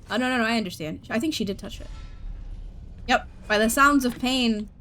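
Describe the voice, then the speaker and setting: A woman's voice: a little high, moderate pace, a bit bright, slight background noise. A young woman streaming a game, chatting casually, giggling and reacting to chat as she plays. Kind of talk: casual gameplay commentary.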